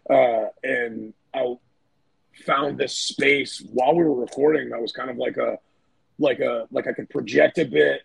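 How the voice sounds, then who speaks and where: Man, band singer, rough raspy gravelly voice, loose rambling chat, lots of fillers and cursing. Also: medium pitch, steady tone, a little slow, no room sound, rough recording. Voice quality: gravelly, husky voice. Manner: rambling, loose, swears often, many fillers. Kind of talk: casual podcast chat.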